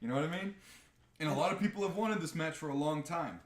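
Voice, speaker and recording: A man on a live podcast, chatting casually in a profane, animated rant. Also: fairly high pitch, fast, roomy sound. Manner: animated, profane ranting with mocking impressions. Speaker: podcast co-host.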